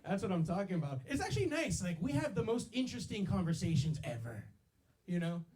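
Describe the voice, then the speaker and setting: A young man doing a stand-up set on a club stage, talking into a handheld mic. His voice sits high and bounces all over the place. He keeps it loose and slangy, dropping yo and baby between lines. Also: sing-song, brisk, a little mellow. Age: 20s. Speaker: stand-up comedian.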